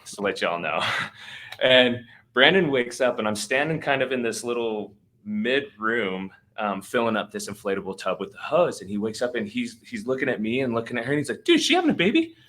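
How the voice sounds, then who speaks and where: A podcast host with a medium-pitched, slightly bright voice at normal speed tells a long story. His casual storytelling is slangy and laid-back, full of fillers.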